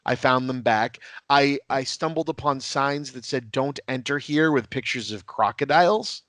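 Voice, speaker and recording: A man's voice: mid-range voice, moderate pace, a bit bright, no echo. Laughing man telling rambling stories. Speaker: podcast guest. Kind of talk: casual anecdotal storytelling.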